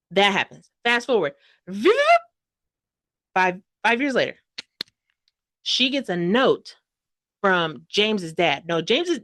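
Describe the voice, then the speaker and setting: A woman gushes through a book review in a casual, chatty way, peppered with "like" and "okay?". Her pitch leaps all over as she acts out characters' lines in a mid-range voice. The sound is close and dry. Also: dry recording. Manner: gushing, chatty, full of "like" and "okay?"; dramatic quoted voices and sudden loud outbursts.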